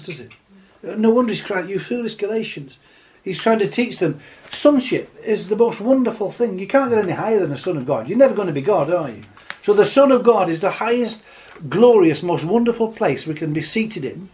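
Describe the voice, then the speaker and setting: A man preaching a sermon, reading scripture slowly and then building into impassioned, rising exhortation. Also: high-pitched, a little mellow. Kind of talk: sermon, Bible teaching.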